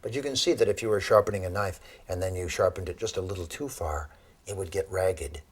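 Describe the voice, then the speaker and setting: A man giving a lecture on Ayurveda to an audience, telling animated stories and laughing at his own jokes. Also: sits low, fairly quick, breathy edge. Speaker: Ayurveda teacher.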